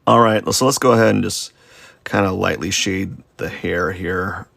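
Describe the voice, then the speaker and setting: Low, gravelly man chatting while he sketches. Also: moderate pace, a bit bright, no echo. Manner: rambling and self-deprecating, with many fillers and restarts. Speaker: artist streaming a live drawing session. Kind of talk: casual rambling chat while sketching.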